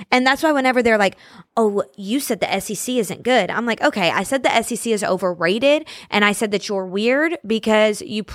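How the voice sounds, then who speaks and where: A woman's voice: medium pitch, fairly bright tone, no room sound, clean studio sound. A young woman hosting her own podcast, ranting in a sassy, casual way full of fillers. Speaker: podcast host. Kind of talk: solo podcast rant.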